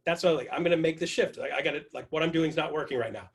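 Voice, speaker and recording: On an online video call, a man fires up his team with an energetic motivational talk, spinning a story packed with repetition. His voice runs on the high side, and he talks rapid-fire.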